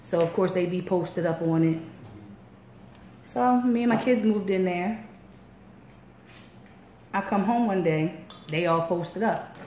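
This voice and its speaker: A woman with a Baltimore accent telling a story in casual chat as a radio interviewer, acting out quotes with big jumps in pitch. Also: slow, long pauses, darkish tone. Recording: echoey room, faint noise.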